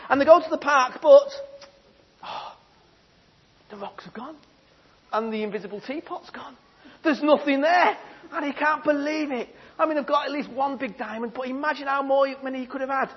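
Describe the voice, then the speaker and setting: A man's voice: extremely high pitch, fairly quick, slightly rough. A man telling children a story in a playful, theatrical way, asking them questions. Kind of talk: animated storytelling talk. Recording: dull lo-fi sound.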